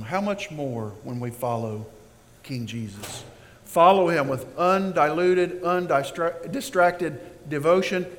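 A man preaching a sermon as pastor, slow and emphatic, building in intensity. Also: a little high, a bit bright. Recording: long reverb of a large hall.

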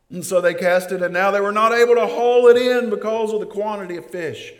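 A man preaches in a high, animated voice, joking and acting out the scenes he describes. His sermon rings through a hall with a long reverb. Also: a little fast, few pauses. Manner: lively, joking, acts out scenes.

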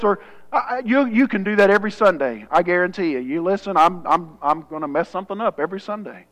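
A Southern US man preaching from the pulpit in a notably high voice. He hammers home phrases by repeating them and rises into emphatic passages. Then he drops to a hushed, prayerful murmur. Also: a little fast, low-quality recording. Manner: swings from emphatic raised passages to hushed, low prayerful tones. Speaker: pastor. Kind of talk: sermon with closing prayer. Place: church sanctuary.

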